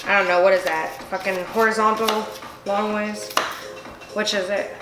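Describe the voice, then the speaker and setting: A woman's voice: medium pitch, level tone, moderate pace. A tipsy woman hosting a casual cooking vlog, rambling and swearing freely as she chops. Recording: echoey room with music behind.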